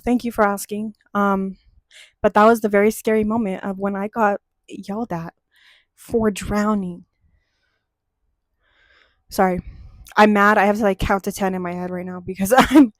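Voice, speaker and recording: A young woman hosting a chat show, telling a childhood story in a casual, animated way and swearing freely as she gets heated. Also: medium pitch, no room sound.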